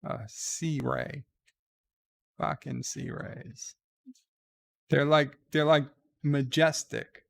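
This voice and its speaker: A man's voice: fairly high pitch, steady tone, very slow, gravelly, long pauses, no room sound. A man hosting a casual live stream, reading viewer letters aloud and ranting crudely, with lots of fillers and restarts. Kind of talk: casual rambling chat.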